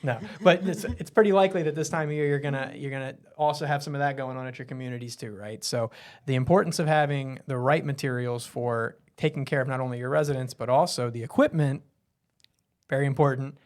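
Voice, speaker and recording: A man's voice: mid-range voice, steady tone, quick pace. A man hosting a casual live show, chatty and teasing, often laughing. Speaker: host.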